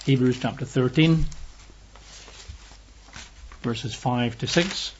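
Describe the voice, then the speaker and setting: A man's voice: medium pitch, takes it slowly, dull audio, a little hiss or hum. A man preaching a sermon and reading Bible verses aloud, stressing his points by repeating phrases.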